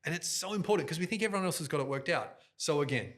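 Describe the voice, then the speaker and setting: A middle-aged man, an event host telling his story as a guest in an animated podcast interview. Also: fairly high pitch. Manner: energetic, fast, jokey, talks with his hands toward the mic. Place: podcast studio. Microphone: directional studio microphone.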